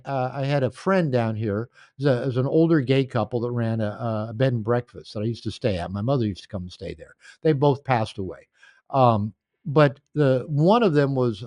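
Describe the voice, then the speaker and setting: A man's voice: mid-range voice, darkish tone, dry recording. An older man telling stories in a podcast interview, rambling and anecdotal, recorded at home. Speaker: author and coach.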